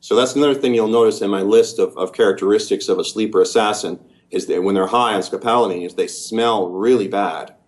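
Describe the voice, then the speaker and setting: A man's voice: fairly low pitch, brisk, hardly any pauses. A Canadian man giving a long, detailed, earnest first-person account in an interview. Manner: earnest, detailed, methodical storytelling.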